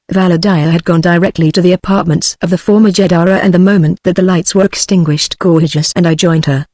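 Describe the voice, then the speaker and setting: A text-to-speech voice of a British woman reading a novel aloud in first person, with a steady machine cadence. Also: fairly low pitch, brisk, hardly any pauses, no room sound. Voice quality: synthetic, even machine cadence. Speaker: audiobook narrator.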